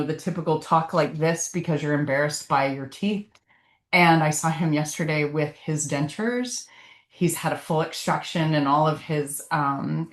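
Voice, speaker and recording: A woman, a physician, giving a casual continuing-education lecture in an earnest, heartfelt way. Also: deep voice. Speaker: physician presenter. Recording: echoey room.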